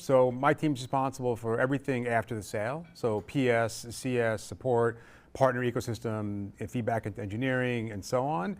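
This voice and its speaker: A man's voice: medium pitch, steady tone, normal speed. A man on a panel at a conference stage, casual and joking, with short fillers. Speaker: panelist, chief customer officer. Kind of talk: panel discussion.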